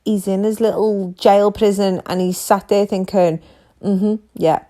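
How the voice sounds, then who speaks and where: A woman's voice: mid-range voice, moderate pace. Exasperated woman ranting. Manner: exasperated and animated, with rhetorical questions. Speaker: podcast host. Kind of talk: casual true-crime rant. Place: at home on a couch.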